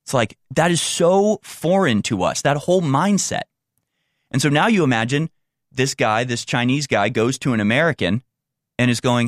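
A man giving casual commentary over video clips in an animated, rambling, incredulous way. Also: mid-range voice, moderate pace, no echo, studio quality. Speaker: political commentator.

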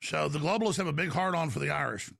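A middle-aged man hosting a call-in radio show, ranting forcefully and jumping about in pitch and pace. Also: fast, gravelly, no room sound, studio quality. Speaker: radio talk show host.

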